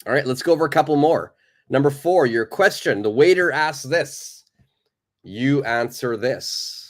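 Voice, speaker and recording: A man's voice: medium pitch, animated, measured pace. A man teaching a live online English lesson, patiently reading out viewers' answers, praising them and explaining simple phrases.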